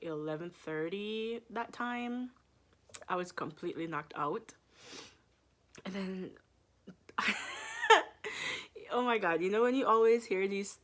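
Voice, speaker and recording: A young woman in her twenties, a medical student, tells a story in a casual vlog, her lowish voice a bit bright. She's chatty, laughs often, and fills her speech with long, drawn-out fillers.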